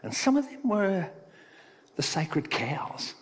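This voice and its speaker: A man preaching a sermon as pastor, talking in a relaxed, conversational way and telling a playful joke. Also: high voice, slow, slightly rough. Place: church hall. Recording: long reverb of a church hall.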